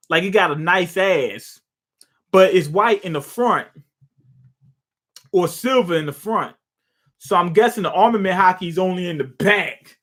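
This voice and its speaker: Reacting live to a comic chapter, a young man recaps the scenes with curses, gags and laughs in a casual, loose manner. He has a high voice with a fairly bright tone and streams manga reactions.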